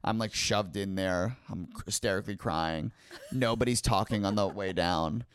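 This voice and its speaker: A man guest on a podcast, telling a story in a casual, animated way with lots of "like". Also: on the low side, moderate pace, clear, resonant tone, no echo, studio quality. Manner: animated, heavy use of filler "like".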